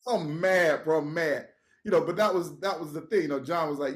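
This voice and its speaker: A man, a podcast guest, telling a story in casual talk, animated and laughing, swearing and acting out what people said. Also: a little high, brisk.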